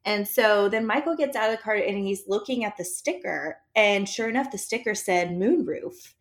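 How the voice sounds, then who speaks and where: A woman telling a story in casual chat, animated and acting out the dialogue, with laughter between lines. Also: medium pitch, moderate pace.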